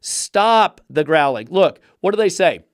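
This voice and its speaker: A man's voice: high voice, lively intonation, unhurried, clean tone, dry recording, clean studio sound. Fired-up sarcastic man ranting. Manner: swears freely. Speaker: dog trainer and podcast host. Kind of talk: podcast rant.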